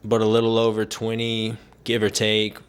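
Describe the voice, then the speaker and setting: A man's voice: on the low side, monotone, normal speed, clean tone. A young man ranting casually to camera, exasperated and sarcastic, with filler-heavy talk. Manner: exasperated, sarcastic, mimics people he quotes. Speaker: vlogger.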